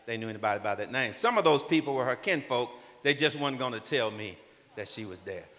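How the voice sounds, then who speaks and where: A man in his sixties telling a personal story at a conference, animated and acting out the dialogue. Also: medium pitch, fast. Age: 60s. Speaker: conference speaker. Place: conference hall. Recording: long reverb of a large hall.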